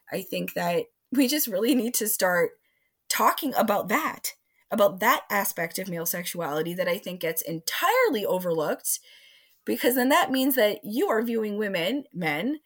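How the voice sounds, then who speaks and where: A woman who is a sex educator and relationship coach, talking in an interview, with lively delivery and frequent acted-out quotes. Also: mid-range voice. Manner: expressive, acts out quoted voices. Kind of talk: animated interview talk.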